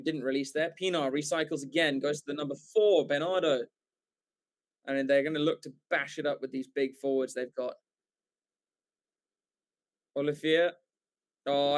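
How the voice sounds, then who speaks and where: An English man giving live play-by-play rugby commentary for a watchalong stream, excitable and rambling, full of fillers and self-corrections. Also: fairly high pitch, fairly quick, long pauses. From England.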